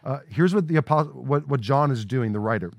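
Male pastor, sermon, casual asides, dry close sound, mid-pitched voice. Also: lively intonation, fairly quick, creaky, no echo, dull audio. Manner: conversational preaching with frequent "right?" asides. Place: church sanctuary.

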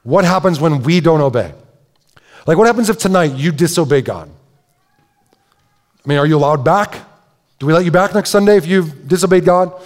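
A man preaching to his congregation, his voice a touch higher than most men's. He talks loosely, restarting phrases and tossing in asides. The sound rings with the long reverb of a large church sanctuary. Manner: conversational, self-interrupting with repeated words and asides. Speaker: pastor. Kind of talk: sermon.

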